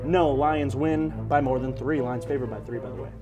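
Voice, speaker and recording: A man's voice: mid-range voice, steady tone, normal speed, music in the background. A man hosting a casual sports podcast, joking and teasing as he runs through game picks. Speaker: podcast host.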